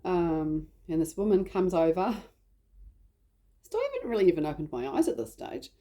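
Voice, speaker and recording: This woman, a vlogger with a New Zealand accent, shares a personal story in a lowish, mellow voice that's animated and moderately paced. She chats and rambles, using "like" a lot.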